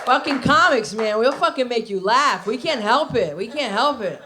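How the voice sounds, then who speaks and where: A middle-aged woman from New Jersey confides in a club audience during a brash, foul-mouthed comedy set. She speaks at a normal speed with a voice on the high side and lively intonation, and the live recording picks up a noisy room.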